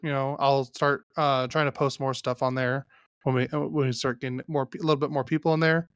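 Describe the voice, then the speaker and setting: Podcast host guy, smooth clear voice, kinda halting and loose, dry mic. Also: mid-range voice, level tone, no echo. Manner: loose, halting sign-off with restarts. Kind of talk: casual chat.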